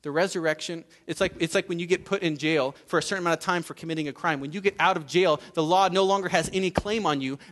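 Earnest, fairly high-voiced male pastor. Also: fast talker, few pauses, fairly bright tone. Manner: earnest, emphatic, with repeated words and restarts. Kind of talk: sermon.

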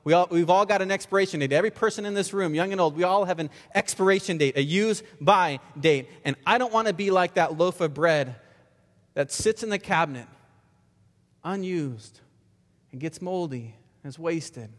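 A man's voice: high-pitched, moderate pace. A male pastor giving an earnest sermon, often repeating words and asking the congregation rhetorical questions. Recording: long reverb of a large hall.

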